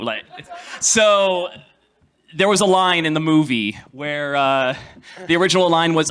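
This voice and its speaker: A man on a convention panel telling animated, laughing anecdotes about his voice acting work. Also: on the high side, a little slow. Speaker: voice actor panelist. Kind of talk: casual convention panel storytelling.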